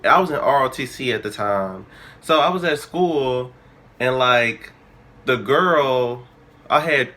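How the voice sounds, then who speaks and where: Animated young man telling a story. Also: medium pitch. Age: early 20s. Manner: animated, dramatic retelling with quoted dialogue. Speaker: vlogger. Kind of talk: casual storytelling.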